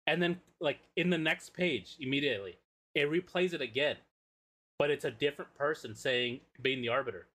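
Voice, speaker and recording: A man's voice: a little high, normal speed. A man co-hosting a podcast, casually retelling a comic story with swearing and acted-out quotes. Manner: animated, swears, acts out quotes. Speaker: podcast co-host.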